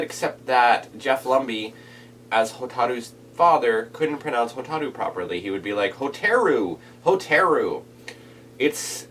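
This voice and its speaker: A man's voice: mid-range voice, recorded from a distance, a little hiss or hum. A man talking casually in a reaction vlog, rambling with many restarts and fillers. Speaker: vlogger reviewing anime dub voices. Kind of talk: casual reaction video monologue.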